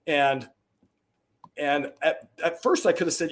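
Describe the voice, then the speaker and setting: The speaker is a middle-aged man on a podcast as a guest, telling stories during a relaxed interview. His fairly high voice is animated yet unhurried, and his delivery is earnest and emphatic, punctuated by bursts of rising energy.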